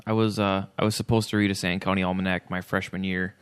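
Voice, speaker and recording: A man's voice: sits low, little pitch movement, fast talker, clean tone. A man co-hosting a casual podcast, chatty and self-deprecating. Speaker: podcast co-host. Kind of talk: casual chat.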